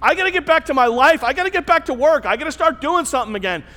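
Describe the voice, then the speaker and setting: A man's voice: extremely high pitch, expressive, fast, pushed and bright, exaggerated voice. A man voicing an eager, restless fisherman disciple in a sermon. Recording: long reverb in a large hall.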